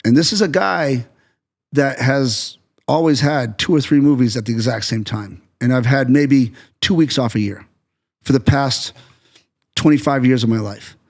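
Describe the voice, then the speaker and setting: Middle-aged american guy on a podcast, gravelly rough voice, tells stories with lots of energy, acts out quotes. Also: mid-range voice, normal speed. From United States. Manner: animated storyteller who acts out quoted remarks. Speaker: guest. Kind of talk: casual podcast interview.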